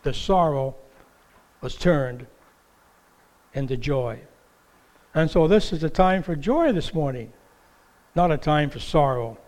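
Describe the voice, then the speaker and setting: A man's voice: fairly high pitch, expressive, slow pace, pauses often, a little mellow, in a large hall. A man preaching an Easter sermon from a church stage, telling stories animatedly and acting out the voices in the quotes he tells. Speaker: pastor. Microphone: stage microphone with monitor.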